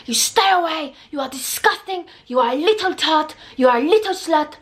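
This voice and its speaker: A woman voicing an aggressive, opinionated French male waiter in a clumsy put-on French accent, shouting and scolding. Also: sits high, lively intonation, moderate pace, voice pushed up. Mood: furious.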